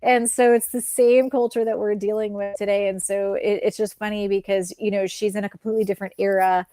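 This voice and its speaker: A woman's voice: mid-range voice, level tone, brisk, warm tone, no echo. Chatty Californian woman, dry sound. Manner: chatty, giggly, many fillers. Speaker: author guest. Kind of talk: casual interview chat.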